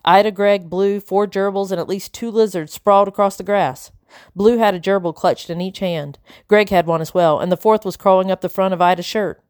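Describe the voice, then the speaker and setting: A woman reading a children's novel aloud in a steady storytelling voice. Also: medium pitch, fairly quick, no room sound, studio quality. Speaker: audiobook narrator. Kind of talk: storybook narration.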